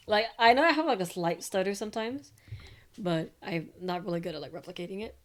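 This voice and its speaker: A young woman streamer giving casual, low-key commentary while playing a game. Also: animated, a little fast. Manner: soft, low-key muttering.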